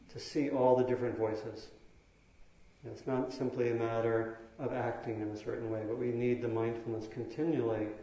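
A man teaching meditation in a dharma talk, speaking slowly and thoughtfully with pauses and fillers. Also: mid-range voice, mellow. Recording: very echoey hall.

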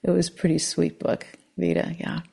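Soft-spoken woman giving a dharma talk. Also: on the low side, little pitch movement, creaky, breathy edge. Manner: soft, slow and contemplative, at times near a whisper. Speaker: meditation teacher.

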